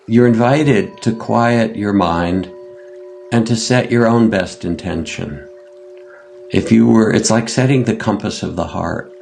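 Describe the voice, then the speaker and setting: Older american guy, meditation teacher, deep raspy-ish voice, slow gentle interview talk. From United States. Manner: gentle, unhurried, pauses with fillers. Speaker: meditation teacher, podcast guest.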